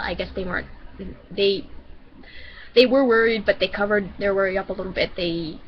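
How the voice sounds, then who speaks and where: A woman's voice: mid-range voice, muffled recording, slight background noise. A woman vlogger from Michigan telling a personal story casually, rambling and often restarting her sentences.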